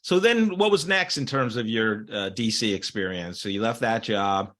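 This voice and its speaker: A man's voice: lowish voice, expressive, normal speed, a bit bright. A man hosting a podcast, reflecting on the guest's story and asking about his career. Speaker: podcast host. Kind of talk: interview conversation.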